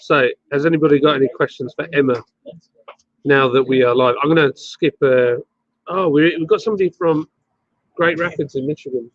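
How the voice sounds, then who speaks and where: A man's voice: a little high, a little fast, dry recording, lo-fi sound. A man hosting a casual live stream from a bottle shop, rambling and chatty as he greets viewers and reads comments.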